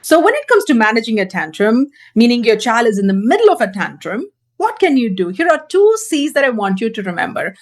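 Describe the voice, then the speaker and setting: A woman's voice: fairly high pitch, very animated, brisk. A woman parenting coach teaching straight to camera, earnest and emphatic, repeating her key points.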